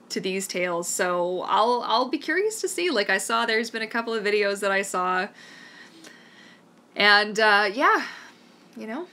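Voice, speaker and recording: A woman's voice: medium pitch, bright, forceful tone. A Canadian woman hosting a live-stream Q&A, chatting in a rambling, enthusiastic way. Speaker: mermaid vlogger hosting a live Q&A. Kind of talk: casual live-stream chat.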